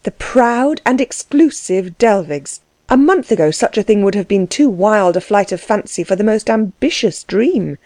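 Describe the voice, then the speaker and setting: With no room sound at all, a woman's mid-range voice reads an audiobook aloud, her storytelling paced and expressive.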